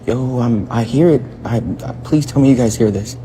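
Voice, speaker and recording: A man's voice: mid-range voice, normal speed, warm tone, a little hiss or hum. A frightened young man, a night shift store clerk, filming himself on his phone inside a small shop, swearing and calling everyone bro. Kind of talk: self-filmed phone video. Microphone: handheld phone.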